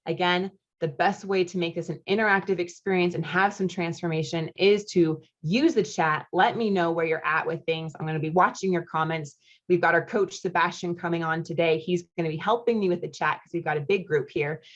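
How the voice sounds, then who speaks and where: Speaking a little fast with fairly even intonation, this thirtysomething woman from the United States has a lowish voice with the highs cut off. She's a marriage coach leading a live online masterclass, cheerfully reading out chat comments and tossing in friendly asides.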